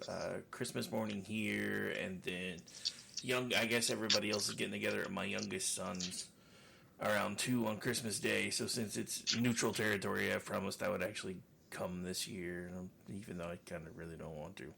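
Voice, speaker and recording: Gravelly bright-voiced man, joking podcast host. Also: on the low side, fairly even intonation, moderate pace, a little hiss or hum. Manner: laughs often, joking, rambling. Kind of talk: casual podcast chat.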